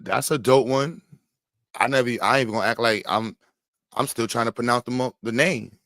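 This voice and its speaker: A man's voice: medium pitch, fairly quick, fairly bright tone, no room sound, studio quality. A man talking in a casual, teasing, slangy way, often breaking into laughs as he mocks and riffs. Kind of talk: casual trash-talking banter.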